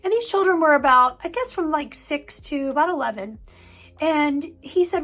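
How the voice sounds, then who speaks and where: A woman's voice: high-pitched, expressive, moderate pace, a bit bright. A woman mental health counselor giving an earnest parent-coaching talk, stressing key points by repeating words. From United States.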